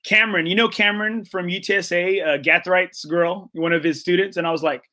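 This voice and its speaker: A man with a high, bright voice, hosting a relaxed conversation. He tells stories in an animated way, acts out what people said, and keeps checking in with his listener. Fillers and restarts run all through his talk. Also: a little fast. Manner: animated, acts out quotes with many fillers and "right?". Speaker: podcast host. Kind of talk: casual storytelling chat.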